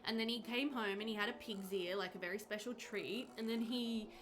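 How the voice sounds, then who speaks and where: A woman streaming a game live, chatting with her viewers, reading their comments aloud and reacting with bright exclamations. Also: mid-range voice, fairly even intonation, fairly quick, slight background noise. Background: game music.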